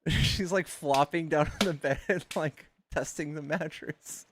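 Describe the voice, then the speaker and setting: A man hosting a livestream, chatting casually with his viewers in quick asides and calling them "dude" and "guys". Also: fairly high pitch, noisy background. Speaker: livestream host. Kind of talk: casual chat with callers and chat.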